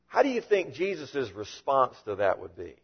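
A man preaching a sermon as a pastor, with animated delivery and frequent rhetorical questions. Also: mid-range voice, moderate pace, husky, dull audio.

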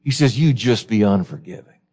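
A male pastor delivering a sermon with passion and conviction. His voice climbs sharply into high, insistent peaks as he quotes scripture, then drops back to press the congregation with pointed questions. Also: expressive, fairly quick, mellow, slightly rough. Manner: impassioned, rising to high emphatic peaks when quoting scripture.

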